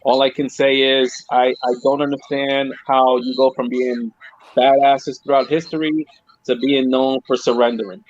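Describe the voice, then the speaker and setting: A man whose first language is Spanish talks in an animated, casual way, cursing now and then. His voice sits in a middle register. The recording is dull and lo-fi. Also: mid-range voice, normal speed, no room sound. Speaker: podcast host. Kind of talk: casual chat. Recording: dull lo-fi sound.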